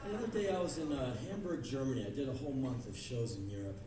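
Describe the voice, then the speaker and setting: Animated man yelling stories on a live stage. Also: medium pitch, fast talker. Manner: animated, bursts into yelling and acted-out screams. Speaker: spoken-word performer. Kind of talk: live comic storytelling. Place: live club stage before an audience. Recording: echoey club heard from far off, with crowd and noise.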